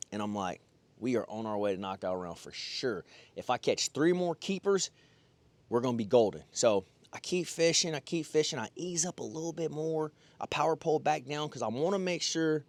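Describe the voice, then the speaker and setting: A young man from California tells a story from his day on the water. He talks fast and loose, full of slang, and acts out what he thought in the moment. The recording is dry and close, with little room sound. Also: mid-range voice, no echo. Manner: excitable, slangy, retells his own thoughts aloud. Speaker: pro bass angler. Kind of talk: casual fishing vlog storytelling.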